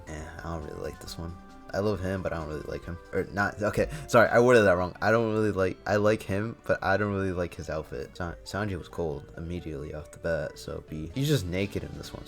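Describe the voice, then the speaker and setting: A man giving casual tier-list commentary, rambling and slangy, often stopping to correct himself. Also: low voice. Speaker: YouTuber ranking anime items.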